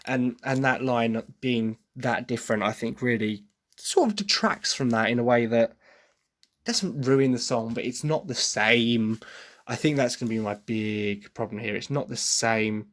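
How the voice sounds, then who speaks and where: An English man talks through his views in a loose, casual monologue at a desk. His voice sits at an ordinary middle pitch for a man. He is opinionated yet apologetic, restarting sentences as he thinks aloud. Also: unhurried. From Britain. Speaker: podcast host. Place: at a desk with written notes.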